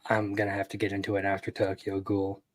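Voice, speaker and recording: A young man co-hosting a casual podcast, speaking in a relaxed, easygoing way with frequent ums. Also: lowish voice, quick pace, no echo. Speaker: podcast co-host. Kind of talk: casual chat.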